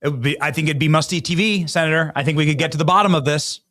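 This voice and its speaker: A man hosting an interview show, chatty and quick to laugh. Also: on the high side, sharp tone, no room sound, clean studio sound. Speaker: show host. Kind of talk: casual interview talk.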